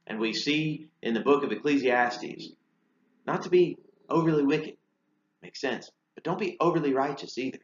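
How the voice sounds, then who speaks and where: A man preaches a sermon conversationally, tossing out rhetorical questions and casual fillers. His voice sits on the high side at a normal speed, and the recording sounds roomy and slightly dull.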